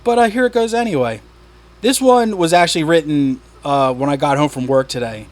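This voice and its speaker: A male podcast host rambling through stories in casual chat. He swears freely and breaks into laughter often. His voice sits a little high. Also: fairly quick. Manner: profane, laughing storyteller.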